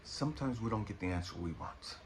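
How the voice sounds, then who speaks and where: A middle-aged man giving an impassioned motivational monologue, swinging from hushed talk to raw, pleading shouts. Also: fairly low pitch, animated, fast talker, noisy background. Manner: emotional, swearing, pleading. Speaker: inspirational speaker.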